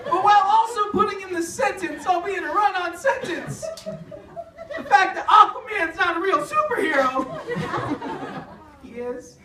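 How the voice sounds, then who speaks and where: A young man doing a stand-up comedy set, laughing through his jokes and breaking into loud shouts. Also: very high voice, expressive, moderate pace, long pauses. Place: comedy club stage before a live audience. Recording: echoey room from far off, loud crowd and noise. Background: audience laughter and room noise.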